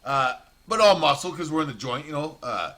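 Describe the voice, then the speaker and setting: A man's voice: fairly high pitch, expressive, brisk, sharp tone. A man telling a rambling, profane prison story in a casual monologue.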